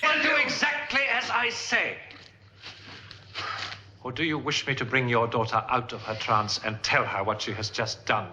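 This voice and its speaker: Cold bossy villain, really sharp bright voice, echoey old movie sound. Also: male voice, medium pitch, expressive, normal speed, slight background noise. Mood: threatening. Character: menacing man threatening a captive's father. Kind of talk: 1960s film acting.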